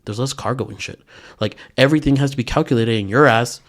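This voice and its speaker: A young man in casual podcast chat, blunt and profane, thinking out loud as he talks. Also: mid-range voice, fast talker.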